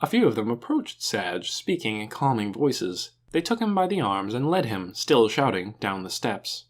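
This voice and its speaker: A man narrating an audiobook with an expressive, animated reading. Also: medium pitch, moderate pace.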